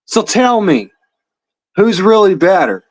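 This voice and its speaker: A man's voice: high-pitched, very animated, slow, no echo, low-quality recording. A man hosting a livestream, taunting a rival in a heated, profane, mocking rant. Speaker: livestream host.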